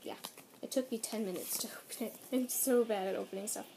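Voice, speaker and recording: A woman's voice: fairly high pitch, brisk, dark tone, slight background noise. A teenage girl vlogger chatting casually through an unboxing, bubbly and gushing, giggling often. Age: teens.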